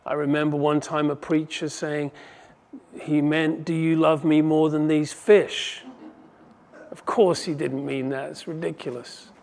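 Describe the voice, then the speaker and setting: A male pastor preaching with conviction, his voice pitched slightly above the usual male range. He builds to forceful peaks and then falls quiet to let key lines land. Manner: impassioned, rising and falling in volume for emphasis. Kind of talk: sermon.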